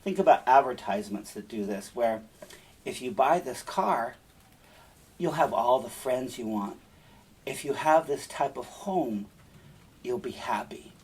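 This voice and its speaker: Slow, husky man explaining a fairy tale. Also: mid-range voice, animated, a little mellow, poor audio. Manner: stops often to explain and question, conversational. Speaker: storyteller and teacher. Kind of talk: fairy tale reading with moral commentary.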